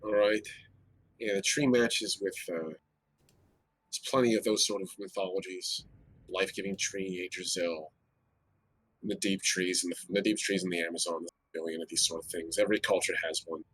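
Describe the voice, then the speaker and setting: A man's voice: low-pitched, steady tone, moderate pace, a bit bright, slightly rough. A man playing a tabletop game, thinking aloud in a loose, chatty way. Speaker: player. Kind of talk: casual tabletop game talk.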